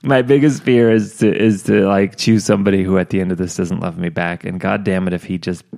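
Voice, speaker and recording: A low-pitched man with a gravelly, creaky edge to his voice, chatting casually as a co-host. He jokes, swears and slips into quoted lines as he retells events. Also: fairly even intonation, brisk, a little mellow. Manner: jokey, swears, acts out quotes while retelling. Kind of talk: casual chat.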